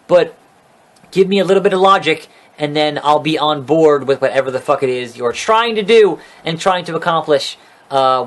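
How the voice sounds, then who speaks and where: Male reviewer, slightly high voice, loose profane rant, sarcastic and fed up. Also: a bit bright. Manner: profane, rambling, exasperated sarcasm. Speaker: wrestling show reviewer. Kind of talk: casual recap commentary.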